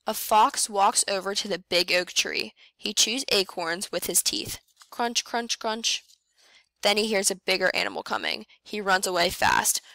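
Bright-voiced woman reading a picture book. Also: dry recording. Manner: reads slowly and clearly, voicing animal sounds with lively jumps in pitch. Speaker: first grade teacher reading aloud. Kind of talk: picture book read-aloud for children.

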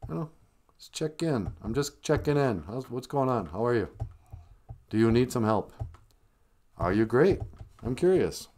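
A man's voice: mid-range voice, sing-song, measured pace, long pauses, a little mellow, a little hiss or hum. A middle-aged man hosting a live stream in casual chat, full of playful, joking asides.

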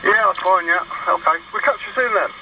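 A man's voice: high voice, fairly quick, vocal fry, heavy background noise. A man calling in over a CB radio, chatting in a friendly way. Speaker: CB radio caller. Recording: distant muffled CB radio transmission.

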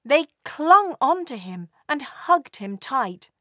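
A woman narrating a children's storybook in a slow, expressive read-aloud manner. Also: high voice, no room sound, studio quality.

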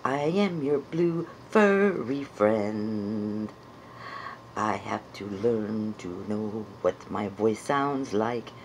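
A woman's voice: rumbling low, expressive, drawn-out words, darkish tone, slight background noise, pitched below the performer's own voice, heavily acted. Woman doing shy blue furry puppet. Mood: playful. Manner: unsure, playful, searching for a voice. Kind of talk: improvised puppet comedy.

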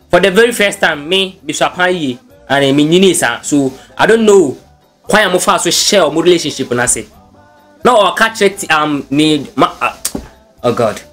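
A man's voice: on the high side, fairly bright tone. Chatty Ghanaian man hosting a blog show. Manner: chatty, switches freely between languages. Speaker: news blog host. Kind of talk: casual commentary mixing English and Twi.

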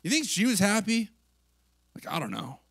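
A male pastor giving an easygoing sermon in a high, bright voice. He talks in a loose, chatty way and acts out the quotes, and the sound is dry and close with no room echo. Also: sing-song, normal speed, husky. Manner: chatty, lots of "like" and "right?", acts out quotes with laughs. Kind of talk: casual conversational sermon.

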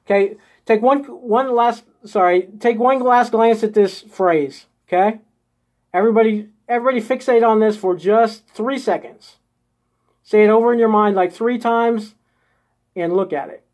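A man's voice: sits high, normal speed, darkish tone. A man leading a live-streamed spiritual coaching session. He talks his viewers step by step through an inner exercise and keeps checking in with a coaxing "okay?" or "right?" every few sentences. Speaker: host of a live group session.

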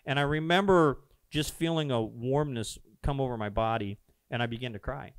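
A man with a smooth, resonant voice tells a personal story on a podcast. He is earnest and animated, acting out each quoted exchange. The sound is dry and close, with nothing heard behind him. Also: medium pitch, normal speed, no room sound. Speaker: pastor telling a founding story. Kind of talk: casual storytelling conversation. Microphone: podcast microphone.

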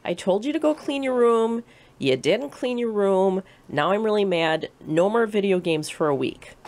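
A woman's voice: deep voice, moderate pace. A woman acting out an emphatic everyday mom. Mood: furious. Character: everyday mother scolding and rewarding her child.

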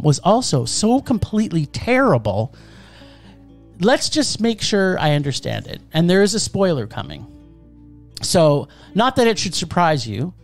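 A man reviewing a film on a podcast, sarcastic and scathing in a casual chat. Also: sits high.

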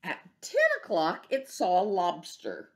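A woman preschool teacher reading a picture book aloud to young children, gentle and expressive, asking them questions. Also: on the low side, unhurried, creaky.

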